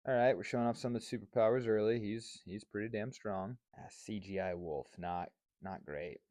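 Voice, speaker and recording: A man's voice: lowish voice, moderate pace, darkish tone, dry recording. A young man hosting a casual vlog, reviewing a movie and a cocktail with candid, sarcastic asides and frequent swearing. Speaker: host.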